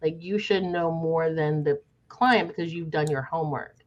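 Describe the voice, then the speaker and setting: A woman's voice: deep voice, moderate pace, highs cut off. A woman guest on a podcast, explaining with emphatic exasperation in casual conversation.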